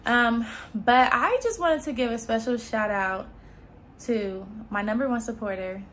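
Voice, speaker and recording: A woman's voice: a little high, a little slow, a bit bright, slight background noise. A woman hosting her own channel in a casual vlog chat, effusive and repetitive as she talks straight to her viewers.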